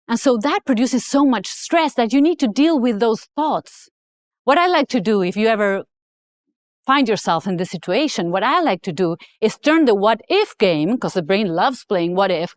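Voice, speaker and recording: A woman gives a motivational talk, telling her story with emphasis. Her voice sits fairly high and leaps lively up and down. The sound is dry and close, with faint music underneath. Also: moderate pace, dry recording. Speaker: author and speaker.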